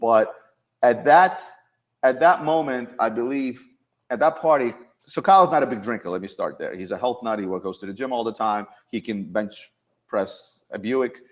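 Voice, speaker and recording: A man hosting a casual chat with coworkers in an office, telling stories in an animated way and often restarting his sentences. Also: medium pitch, moderate pace. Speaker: show host.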